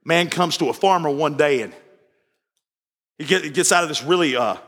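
A man's voice: on the high side, moderate pace, a bit bright. A male pastor preaching an evening sermon, telling folksy stories and repeating his phrases. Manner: folksy storytelling, repeats phrases, acts out dialogue. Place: church sanctuary. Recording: reverberant church hall.

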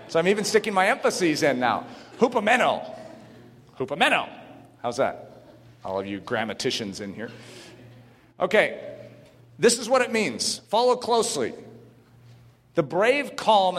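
Guy preaching a sermon, highish voice, gets shouty and fervent, long echo from a big hall. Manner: reads quotes aloud, adds asides.

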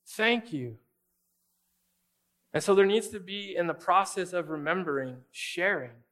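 A man's voice: high-pitched, normal speed, a bit bright. A man preaching a sermon as a pastor, conversational and emphatic, often speaking straight to his listeners.

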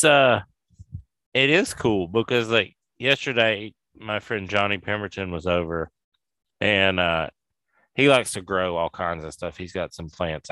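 A man's voice: low-pitched, a bit bright, clean tone, no echo. A man hosting a podcast, chatting casually in a laid-back, rambling way. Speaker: podcast host. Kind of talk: casual chat.

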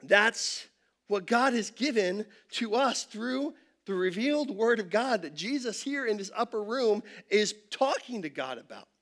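Male pastor, light high voice, conversational sermon delivery with rhetorical questions. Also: lively intonation, measured pace, fairly bright tone. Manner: conversational preaching, tells a joke with rhetorical questions. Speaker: campus pastor.

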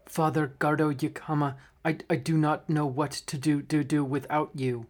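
A man voicing an earnest artificial being made of metal, with a steady voice that stammers. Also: a little high, normal speed, lightly acted.

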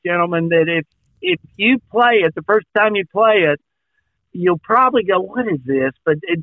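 Man from Oklahoma, golf podcast co-host, high voice, lively storyteller who acts out each exchange; thin, phone-like sound. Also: no echo. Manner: animated anecdote-telling, acts out dialogue. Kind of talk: casual storytelling. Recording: dry, phone-like narrow sound.

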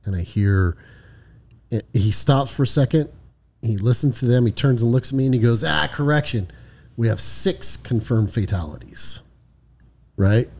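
Podcast co-host, male, ex-patrol officer; warm, low-edged tone, casual storytelling, swears a lot. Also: normal speed, pauses often. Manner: profane, frequent "right?" tag questions. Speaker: podcast co-host, former highway patrol lieutenant.

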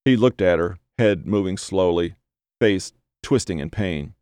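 A man narrating a dark horror story in a measured, even storytelling voice. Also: sits low, clean tone, dry recording, studio quality. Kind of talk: horror audiobook reading.

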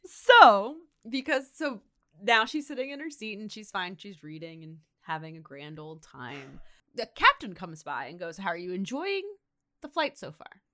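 A woman's voice: medium pitch, animated, normal speed, a bit bright. A woman co-hosting a podcast, casually retelling a story and acting out the quotes with lots of "like". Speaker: podcast co-host.

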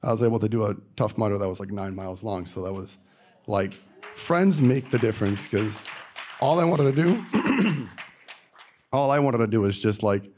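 A man with a fairly low voice shares a personal testimony. His delivery is casual and earnest, full of fillers and loose restarts. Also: lively intonation, normal speed, darkish tone, slight background noise.

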